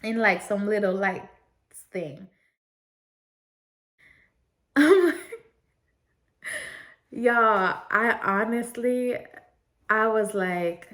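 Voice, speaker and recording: A woman's voice: medium pitch, extremely slow, pauses often, a bit bright. A young woman vlogger telling a story in a chatty, casual way, talking straight to her viewers and laughing often.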